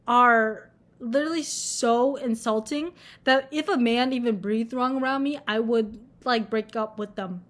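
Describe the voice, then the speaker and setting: Young woman vlogging, high voice, sweary blunt rant, lots of likes. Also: a bit bright. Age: young adult. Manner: blunt, swears a lot, many filler likes. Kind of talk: casual rant to camera.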